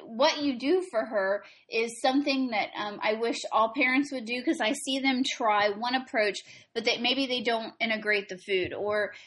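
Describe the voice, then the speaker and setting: A woman hosts a casual interview in a slightly high voice. She listens attentively, murmurs agreement, and asks her questions in an easy, conversational way. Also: moderate pace, few pauses, a bit bright. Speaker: host.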